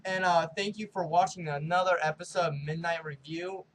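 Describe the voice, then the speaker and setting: A man hosting his own review show, recapping an episode casually and excitedly, peppering his talk with "like" and spoiler warnings. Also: sits high, fairly quick, slight background noise, rough recording. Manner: animated storytelling full of "like" and spoiler warnings. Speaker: show host.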